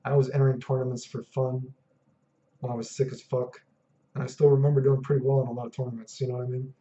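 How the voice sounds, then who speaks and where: A man's voice: mid-range voice, flat delivery, fast talker, warm tone. A man ranting in a vlog, profane, exasperated and sarcastic. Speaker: vlogger. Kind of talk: ranting monologue. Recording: dull lo-fi audio.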